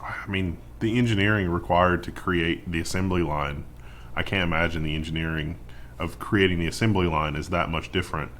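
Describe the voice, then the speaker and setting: A man co-hosting a casual tech news chat, easygoing and quick to laugh. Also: deep voice, steady tone, a bit bright, a little hiss or hum.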